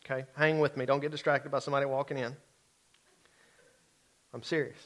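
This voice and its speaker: A man's voice: mid-range voice, little pitch movement, brisk. A middle-aged man preaching a sermon in a conversational way, often checking in with his listeners. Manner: conversational, keeps checking in with the congregation. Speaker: pastor.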